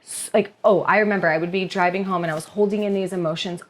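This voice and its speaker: A young woman chatting as a podcast guest, expressive and rambling, with a lot of "like" in her talk. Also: lowish voice, quick pace. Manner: expressive, rambling, heavy use of "like". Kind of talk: casual confessional chat.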